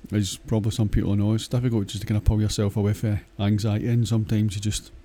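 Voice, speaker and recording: A man's voice: lowish voice, little pitch movement, fast, dark tone. A Scottish man talking in a casual, rambling monologue, blunt and crude, swearing often and hesitating with many fillers.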